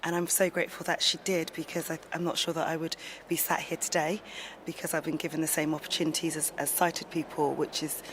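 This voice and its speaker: A woman's voice: low voice, little pitch movement, brisk. A woman giving earnest interview answers who often restarts her words, recorded in a large indoor lobby with people talking in the background. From England. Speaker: interview guest. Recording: noisy public lobby.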